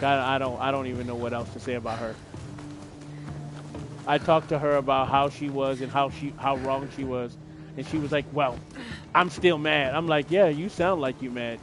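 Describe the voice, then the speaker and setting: A man's voice: mid-range voice, fairly even intonation, normal speed, over music. A man chatting casually while streaming a game, venting bluntly with plenty of profanity. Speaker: gaming streamer. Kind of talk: casual chat while playing.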